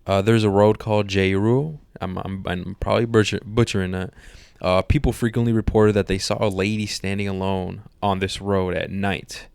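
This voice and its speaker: A man's voice: fairly low pitch, fairly even intonation, normal speed, creaky, darkish tone, clean tone, no echo. A young man co-hosting a podcast, casually retelling a horror episode with slangy quoted lines. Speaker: podcast co-host. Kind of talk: casual spoiler review chat.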